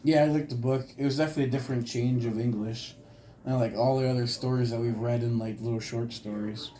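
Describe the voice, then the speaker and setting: Young adult man, casual podcast interviewer; unsure and filler-heavy, warm mellow mid voice. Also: mid-range voice, steady tone, quick pace, slight background noise, poor audio. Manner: hesitant, many fillers. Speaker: student interviewer.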